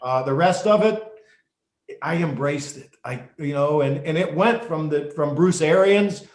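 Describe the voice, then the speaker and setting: Animated man telling referee stories. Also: fairly high pitch, unhurried. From United States. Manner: animated storyteller, many restarts. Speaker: guest, former football referee and basketball official. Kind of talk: storytelling interview. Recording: echoey room.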